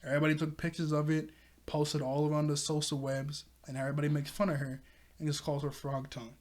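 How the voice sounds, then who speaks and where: In a slightly high, somewhat mellow voice, an episode reviewer talks fast with a flat delivery while casually recapping a cartoon. He laughs frequently and performs the characters' lines in their voices.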